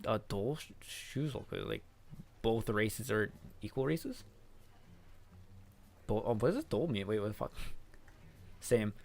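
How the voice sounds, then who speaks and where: A man's voice: on the low side, sing-song, takes it slowly, vocal fry, pauses often, darkish tone. A man streaming live, chatting casually with his chat and translating manga. He laughs often, swears, and calls people "dog" and "man.".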